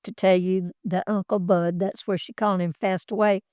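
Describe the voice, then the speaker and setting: A woman's voice: medium pitch, flat delivery, moderate pace, dark tone, no room sound, studio quality. Older woman telling folksy stories. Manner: folksy, rambling anecdotes with acted quotes. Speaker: interviewee, former executive assistant. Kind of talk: casual storytelling. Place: office.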